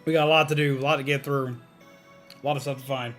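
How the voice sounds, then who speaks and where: A man's voice: mid-range voice, steady tone, quick pace, a bit bright, soft background music. A man streaming a game, ranting in casual, profane talk with lots of fillers. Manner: rambling, profane, frequent fillers. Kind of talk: casual rambling stream chat.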